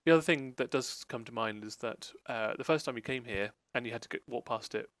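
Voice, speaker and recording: A man's voice: mid-range voice, fairly quick, fairly bright tone, no room sound. A man narrating a tabletop role-play game as game master, rambling with lots of fillers.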